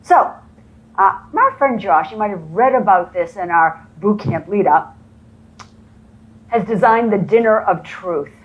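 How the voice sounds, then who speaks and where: Training real estate agents before a live conference-room audience, a woman tells motivational stories and acts out what each person said. She speaks at a medium pitch with lively intonation and a measured pace. The recording's highs are cut off.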